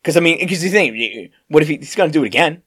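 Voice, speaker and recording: A young man co-hosting a podcast, telling work stories in a rambling, animated way with lots of fillers and restarts. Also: on the high side, racing, slightly rough. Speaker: podcast co-host. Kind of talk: casual storytelling chat.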